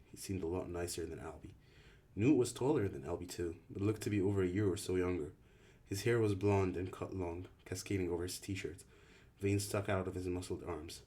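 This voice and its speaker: A man narrates an audiobook in a deep, low voice. His storytelling stays even and steady throughout. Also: moderate pace. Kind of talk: audiobook reading.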